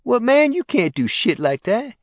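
A man voicing a panicky, defiant male drug dealer whose voice shoots high in an audiobook. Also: very animated, moderate pace, no room sound, clean studio sound, full character voice. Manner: shrill, defiant, voice cracking high.

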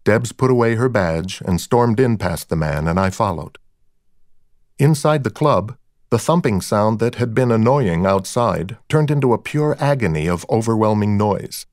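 A man narrating a first-person audiobook in a measured, wry storytelling manner. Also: lowish voice, animated, a little mellow, no echo, clean studio sound.

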